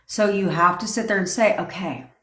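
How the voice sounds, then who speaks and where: A woman's voice: medium pitch, normal speed, roomy sound. A woman coach ranting on a livestream, blunt and profane, acting out sassy examples as she teaches. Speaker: manifestation coach. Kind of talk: livestream rant.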